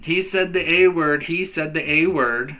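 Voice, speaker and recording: A man's voice: mid-range voice, normal speed, sharp tone. A man voicing a bossy, whiny six-year-old boy who cries easily, reading a storybook aloud. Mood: whining. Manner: whining, then crying.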